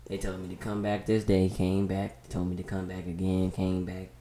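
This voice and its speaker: A man's voice: low voice, completely flat delivery, moderate pace, mellow, roomy sound. A teenage boy in casual chat, telling stories in a laid-back way. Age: teen.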